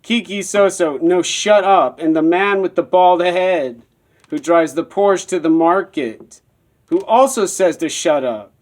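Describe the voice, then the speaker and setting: Rambling man with a slightly high voice. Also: lively intonation, a little slow, a little mellow. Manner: rambling, repetitive storytelling. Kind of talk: personal monologue.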